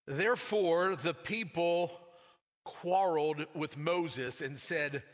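A pastor giving a sermon, swinging between raised emphatic lines and quiet low asides. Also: male voice, slow. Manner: preaching with dramatic swings in pitch and loudness. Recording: long hall reverb.

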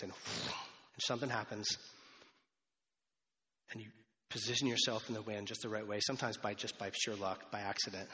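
A man's voice: on the low side, steady tone, fast, sharp tone. A man preaching a sermon as a pastor in a church, talking conversationally with rambling asides and restarts. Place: church sanctuary. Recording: long hall reverb.

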